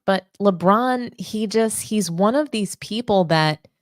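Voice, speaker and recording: A woman's voice: medium pitch, slow, dry recording, clean studio sound. A young adult woman hosting a sports show, delivering opinionated commentary with indignant, sarcastic rhetorical questions.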